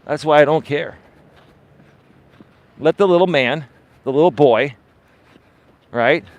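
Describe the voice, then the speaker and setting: A man's voice: on the high side, slow, no room sound, highs cut off. Dismissive man ranting on a live stream. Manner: dismissive, emphatic, keeps asking "right?"; repeats words for stress. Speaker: life and dating coach, live-stream host. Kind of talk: unscripted live-stream monologue.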